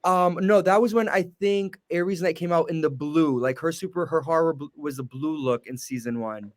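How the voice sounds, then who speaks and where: Slightly high-voiced man explaining. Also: normal speed. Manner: explanatory, recalls details with fillers and self-corrections. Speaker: podcast guest. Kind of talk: casual reaction chat.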